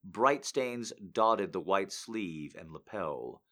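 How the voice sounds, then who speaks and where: A man hosting a live show, reading romance excerpts aloud in a deliberate, sensual manner that dips toward a near-whisper. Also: deep voice, lively intonation, a bit bright. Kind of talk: dramatic reading on a live stream.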